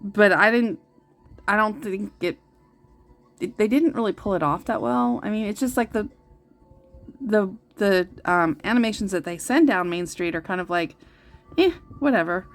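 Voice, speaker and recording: A woman's voice: medium pitch, expressive, moderate pace, pauses often. A woman in her thirties hosting a casual vlog, rambling with many fillers and restarts, gushing and easily moved. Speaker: tarot channel host. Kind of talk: casual coloring-and-chat vlog.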